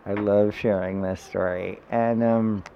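A man with a gravelly, creaky voice tells a heartfelt personal story during a podcast conversation. He is animated and swears freely. The recording is slightly dull, with faint noise behind him. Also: on the low side, unhurried. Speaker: guest. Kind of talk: emotional storytelling in a podcast chat.

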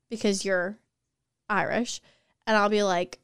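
A young woman tells lively stories about her partner in a relaxed podcast chat, often acting out his lines. Her voice is smooth and clear and sits a little high. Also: normal speed, dry recording, studio quality. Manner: animated storyteller, quoting her partner, laughing often. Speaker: podcast co-host. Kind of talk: casual chat.

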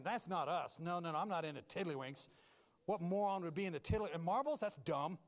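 A man preaching a humorous sermon as a pastor, animated and self-mocking, moving from loud bursts to low asides. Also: fast, big-room sound.

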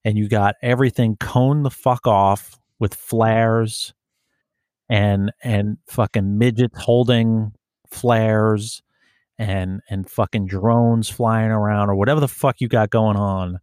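A man's voice: fairly low pitch, steady tone, darkish tone, no echo, studio quality. A man who works as a police officer, telling profane stories in casual chat and mimicking the people he deals with. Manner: profane storytelling, mimics people in quick put-on voices.

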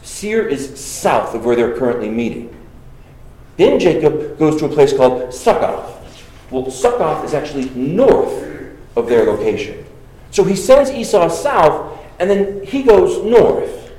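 A man's voice: a little high, sing-song, unhurried, mellow, reverberant, rough recording. A man giving an exegetical Bible lesson, reading passages aloud and then commenting with rhetorical questions and repeated phrases. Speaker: Bible teacher.

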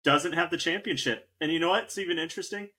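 Brief: easygoing male co-host, bright voice, slightly high, loose rambling delivery. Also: fast talker. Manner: laid-back, rambling, frequent fillers. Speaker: podcast co-host. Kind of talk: casual sports chat.

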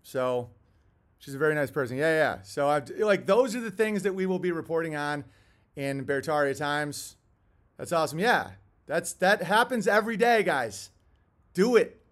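Rambling, high-voiced male host. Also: expressive, normal speed, fairly bright tone. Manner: rambling, tangential, chuckling asides. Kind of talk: casual monologue with storytelling.

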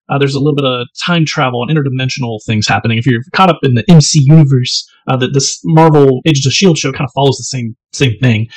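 A man co-hosting a casual podcast over whiskey, telling stories in a relaxed way and saying "man" often. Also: medium pitch, no echo, poor audio. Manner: relaxed storyteller, laid-back, says "man" a lot. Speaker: podcast co-host.

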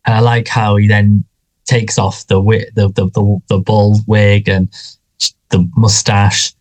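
A man's voice: fairly low pitch, level tone, unhurried, darkish tone. A man co-hosting a casual podcast, talking with lots of fillers, restarts and hesitations. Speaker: podcast co-host.

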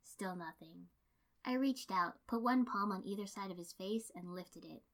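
Narrator: woman, calm first-person story reading, steady pace. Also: medium pitch, normal speed. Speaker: reader.

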